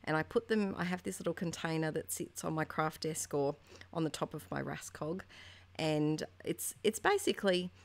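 A woman in her thirties chatting casually and warmly about her scrapbooking as a voice-over, meandering from one thought to the next. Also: deep voice, normal speed, gravelly. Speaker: craft vlogger.

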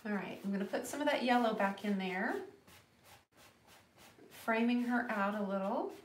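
A woman from the United States hosting a live painting lesson, chatty and laughing often, with quick apologetic asides as she paints. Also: mid-range voice, expressive, reverberant, slight background noise. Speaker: painting tutorial host.

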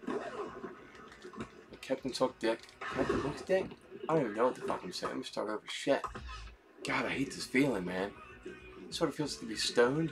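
Guy cursing at a video game, mid pitch, loud game music under him. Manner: swears and mutters to himself while playing. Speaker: gaming YouTuber. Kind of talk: casual gameplay commentary. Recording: game music playing loudly behind.

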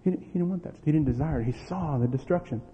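A man's voice: on the high side, quick pace. A middle-aged man preaching and telling family stories, acting out the dialogue with bursts of energy. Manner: animated storyteller, acting out quoted dialogue, laughing. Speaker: pastor. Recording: tinny lo-fi with long hall reverb.

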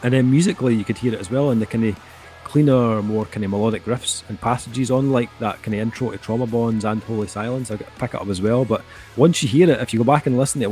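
A middle-aged man with a mid-range voice and a dark tone co-hosts an album review. His delivery is casual and rambling, full of fillers such as "um" and "kinda."

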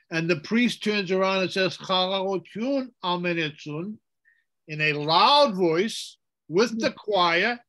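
A priest leads an informal Bible study in a bright, high voice. He is animated, slipping into chanted liturgical phrases and putting questions to the group.

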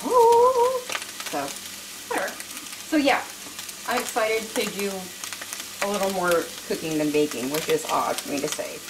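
Lady talking thru a recipe in her kitchen, lowish voice, pan sizzling and noisy behind her. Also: expressive, moderate pace, pauses often. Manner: chatty, self-mocking, laughs often. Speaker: home cooking video host. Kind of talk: casual cooking demonstration. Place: home kitchen at the stove.

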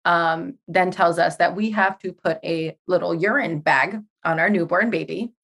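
A woman's voice: on the low side, normal speed, gravelly, fairly bright tone, husky. A woman in her thirties, a podcast guest telling a personal story with animation, acting out the dialogue and swearing.

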